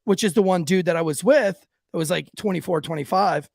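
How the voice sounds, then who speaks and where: Podcast host, male, gravelly upper register, dry close mic, rambling and profane storyteller. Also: sits high, a little fast, darkish tone, no echo. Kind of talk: casual storytelling.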